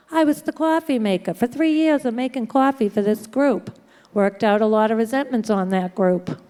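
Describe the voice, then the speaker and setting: Her voice sits on the high side, a little mellow and clean, as she addresses a live crowd in a hotel conference room. With wry humor and frequent laughs, she recounts her personal recovery and performs the voices of people she quotes.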